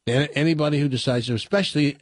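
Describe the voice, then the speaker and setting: A man's voice: fairly high pitch, rapid-fire, dry recording. A man hosting a radio talk show, giving a blunt, folksy opinion and telling jokes in a studio. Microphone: studio mic.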